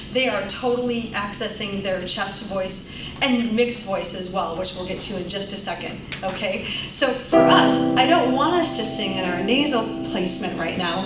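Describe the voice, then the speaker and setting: A woman teaching a choir class, explaining and singing examples in an encouraging way. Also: mid-range voice. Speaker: vocal coach. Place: church rehearsal room. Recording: echoey room from far off, noisy.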